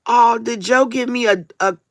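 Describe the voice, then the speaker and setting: A woman's voice: fairly high pitch, normal speed, no echo, clean studio sound. A woman, talking casually and sarcastically to her livestream viewers, with a preacher-like cadence. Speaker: livestream tarot reader.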